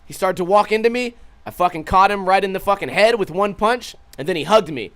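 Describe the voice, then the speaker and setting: A young man hosting a vlog and telling a story, swearing freely and animated, acting out the lines of the others. His speaking voice sits a bit high for a man. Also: fairly quick. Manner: profane, animated retelling with quoted voices. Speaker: vlog host. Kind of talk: casual storytelling.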